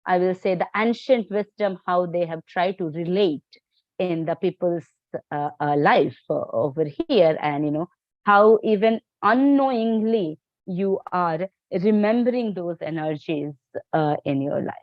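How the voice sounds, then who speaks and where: A woman teaching a live astrology class, talking in halting phrases full of fillers and restarts. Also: lowish voice, dry recording, muffled recording. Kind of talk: live online class lecture.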